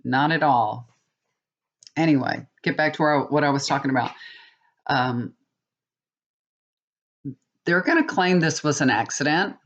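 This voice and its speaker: A woman's voice: low voice, lively intonation, moderate pace, long pauses, highs cut off. A woman giving a tarot reading in a casual, rambling monologue, often checking in with viewers. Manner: chatty, rambling with many restarts, asks viewers "okay?". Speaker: tarot reader.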